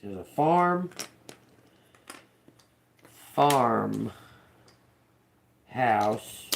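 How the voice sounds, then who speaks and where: A woman on a casual livestream, slowly reading out and repeating words one by one. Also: extremely low pitch, lively intonation, vocal fry, a little hiss or hum. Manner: slow, drawn-out, repeats words as she reads them. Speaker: tarot reader on a livestream.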